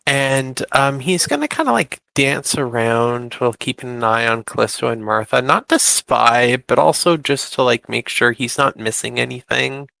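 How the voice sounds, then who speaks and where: Man, tabletop role-play, earnest, halting, gravelly, bright, dry close mic. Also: medium pitch, no room sound, poor audio. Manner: earnest, halting, polite, many restarts. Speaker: player character voice.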